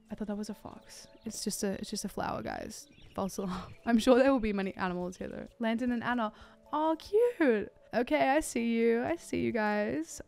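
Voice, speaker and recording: A young woman with an Australian accent chats through her gameplay in a smooth, clean voice, gushing and excitable. She talks at a mid pitch and keeps things casual and chatty. Soft game music plays faintly underneath. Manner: excitable, gushing, lots of "oh my god" and "like". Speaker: gaming YouTuber.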